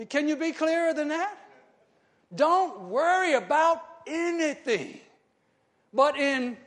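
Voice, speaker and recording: A male preacher giving a sermon, often asking the congregation short questions and moving between loud shouting and quiet, low talk.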